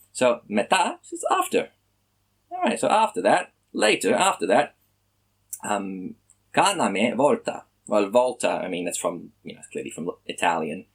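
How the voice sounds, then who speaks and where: Casual male vlogger, lowish voice, thinks out loud, self-questioning. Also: husky, rough recording. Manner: musing, thinks aloud with many ums and rhetorical questions. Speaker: language learning vlogger. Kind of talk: casual explanatory monologue.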